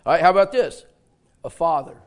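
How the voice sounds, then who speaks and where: An older male pastor with a rather high, expressive voice preaches at a brisk clip. He draws answers from his congregation, echoes them back, and laughs his way through folksy, homey stories.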